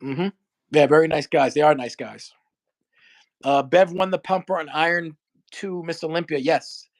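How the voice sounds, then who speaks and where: A man's voice: a little high, moderate pace. A man hosting a casual chat, chiming in with eager agreement. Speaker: host.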